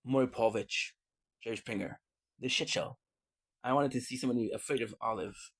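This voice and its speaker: A man's voice: medium pitch, brisk, fairly bright tone. A man vlogging in a casual, rambling way, often restarting and repeating words. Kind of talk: casual rambling livestream talk.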